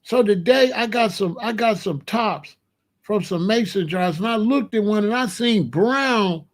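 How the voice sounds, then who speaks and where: A man in a casual monologue, talking in a slangy, emphatic way and reacting with animated disbelief. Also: high-pitched, unhurried. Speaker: vlogger.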